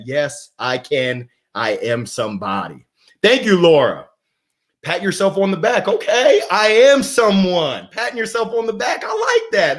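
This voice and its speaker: Greeting his viewers one by one, a man runs an energetic motivational live stream, reading comments and laughing often. He speaks in a high-pitched, fairly bright voice.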